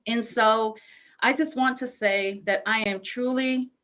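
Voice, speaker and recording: A woman's voice: fairly high pitch, fairly even intonation, unhurried, fairly bright tone, rough recording. A young adult woman from Samoa, a guest on a live-streamed interview, talking in an effusive, grateful way with frequent laughter. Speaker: guest speaker.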